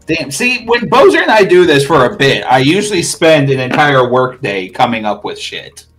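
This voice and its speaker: A man's voice: mid-range voice, sing-song, normal speed, fairly bright tone. A man co-hosting a casual live stream, cracking crude jokes. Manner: crude, joking. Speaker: co-host. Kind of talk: casual livestream chat.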